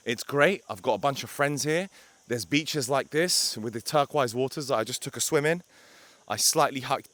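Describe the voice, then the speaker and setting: A man's voice: mid-range voice, sharp tone, no room sound. A young man talking to camera outdoors by a beach, a blunt, emphatic life coach who swears for emphasis.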